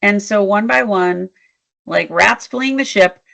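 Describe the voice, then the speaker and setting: A woman interview guest, a leadership strategist, telling work stories in an animated, emphatic way. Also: medium pitch, slow, gravelly. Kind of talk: storytelling in a conversational interview.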